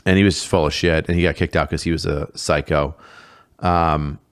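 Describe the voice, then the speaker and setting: A former drill sergeant chats casually on a podcast, making blunt and wry remarks. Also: male voice, a bass voice, fairly even intonation, normal speed, smooth.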